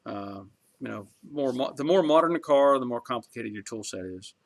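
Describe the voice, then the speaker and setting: A man's voice: mid-range voice, expressive, normal speed, vocal fry. A middle-aged man hosting a garage channel, chatting casually on a live stream and reading viewer comments in a talkative, rambling way with chuckles.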